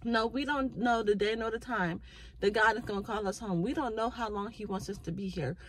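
A woman's voice: medium pitch, a little fast, fairly bright tone, slight background noise, rough recording. A mother talking earnestly about faith and family, with a preachy, heartfelt way of speaking. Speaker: mother sharing faith thoughts. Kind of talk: casual spoken reflection.

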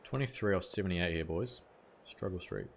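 Young New Zealand man, lowish voice, casual gaming streamer, reads chat aloud, light swearing. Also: normal speed, vocal fry, slight background noise. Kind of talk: live gameplay commentary, chatting with viewers.

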